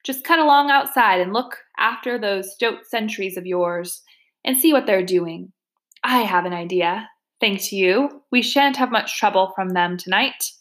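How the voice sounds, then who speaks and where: A woman voicing a steady, gruff old male badger who leads his friends, in a storybook reading. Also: mid-range voice, a little slow, natural voice. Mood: hearty.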